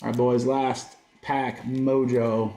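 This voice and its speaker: A man's voice: mid-range voice, level tone, slow, mellow. A man hosting a livestream card break, calling out each card with upbeat, joking patter. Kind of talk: live card-break commentary. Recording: roomy echo.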